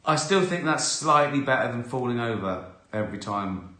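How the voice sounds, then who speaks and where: A man's voice: medium pitch, animated, normal speed, bright, forceful tone, reverberant. A middle-aged man, chatting casually on a live stream, answering viewer questions, laughing often and acting out little scenes.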